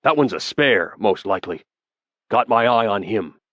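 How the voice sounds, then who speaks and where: A man voicing a gruff, stubborn male dwarf in an audiobook. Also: fairly low pitch, expressive, normal speed, dry recording, lo-fi sound.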